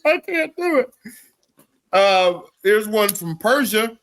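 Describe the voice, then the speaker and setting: A man's voice: sits high, very animated, slow pace, a bit bright. A man co-hosting a comedy podcast, chatting casually and reading out jokes between fits of giggles.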